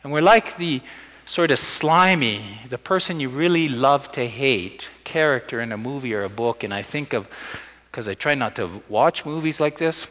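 A man's voice: medium pitch, bright, forceful tone. A man preaching a sermon as pastor, conversational, often acting out little scenes in quoted voices. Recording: long church hall reverb.

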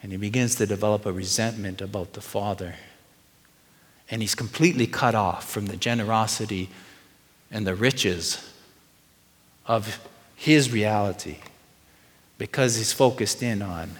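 A man's voice: fairly low pitch, a little slow, pauses often, in a large hall. A middle-aged man preaching a sermon, earnest and conversational, asking the congregation questions as he goes. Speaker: pastor.

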